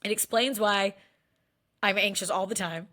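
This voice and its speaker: A woman's voice: mid-range voice, fairly even intonation, moderate pace, pushed and bright. A woman in her thirties talking candidly to camera in a casual personal vlog, chatty and full of "like" fillers. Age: 30s. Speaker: vlogger.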